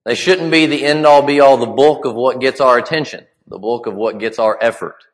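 A man delivering a sermon in a conversational, halting way with frequent restarts. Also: medium pitch. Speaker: preacher. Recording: long hall reverb.

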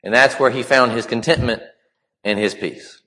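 A man delivering a sermon in a conversational, halting way with frequent restarts. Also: mid-range voice, pushed and bright. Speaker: preacher. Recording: long hall reverb.

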